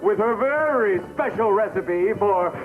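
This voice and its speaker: Weary announcer, flamboyant on cue, high swooping voice, phone-like audio. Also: male voice, lively intonation, a little slow, over music. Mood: grand. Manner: bored, then grandly theatrical. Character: weary man announcer of a cooking show. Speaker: show announcer. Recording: tinny old broadcast audio.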